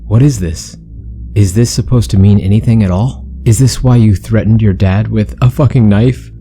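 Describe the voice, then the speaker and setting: A man's voice: on the low side, moderate pace, warm tone, faint music behind, pitched above the performer's own voice, natural voice. A man voicing a frightened, scolding middle-aged mother in a horror story. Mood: exasperated.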